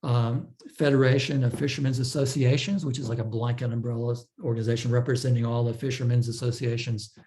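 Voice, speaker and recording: A man presenting a technical talk, explaining step by step in a measured way with frequent fillers and restarts. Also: medium pitch, level tone, warm tone, slight background noise. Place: online talk.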